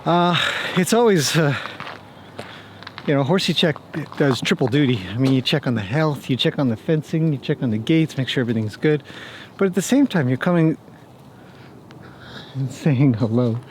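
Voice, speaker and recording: A man's voice: a little high, lively intonation, moderate pace, long pauses, darkish tone, a little hiss or hum. A man working as a horse trainer, chatting casually and joking as he talks to his horses outdoors. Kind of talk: casual vlog talk to camera and horses.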